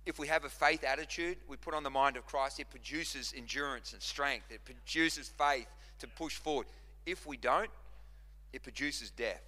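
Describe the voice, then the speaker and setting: Forceful man preaching in a hall. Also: mid-range voice, normal speed. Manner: impassioned preaching with repetition and restarts. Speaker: pastor. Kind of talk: sermon. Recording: long reverb of a large hall.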